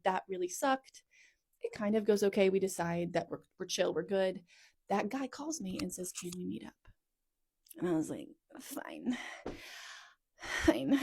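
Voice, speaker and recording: A woman in her thirties talks straight into her phone at home in a relaxed storytime style. She rambles and circles back, fills her sentences with "like," and corrects herself as she goes. Her pitch sits in a middle range for a woman. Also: vocal fry. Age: 30s. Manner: rambling and chatty, full of "like" asides and self-corrections. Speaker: content creator telling her life story. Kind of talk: casual storytime monologue.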